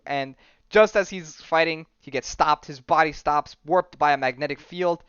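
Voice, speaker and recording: A man's voice: a little high, fairly quick, fairly bright tone, smooth, no room sound, dull audio. A man hosting a podcast, casually retelling a comic storyline, quoting the characters and laughing often. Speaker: podcast host.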